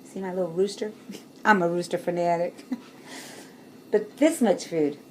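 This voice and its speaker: A woman's voice: fairly low pitch, a little slow, a little hiss or hum. A woman chatting casually to her camera as a vlogger, showing things with bowls and laughing often.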